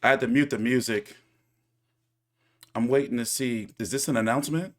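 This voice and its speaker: A man's voice: mid-range voice, steady tone, normal speed. A man hosting a boxing channel, giving casual, opinionated reaction commentary with many fillers and restarts.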